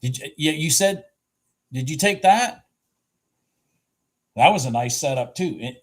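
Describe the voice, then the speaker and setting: A man giving excited live commentary on futures trades, exclaiming and repeating himself, with a husky voice. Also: fairly high pitch, measured pace.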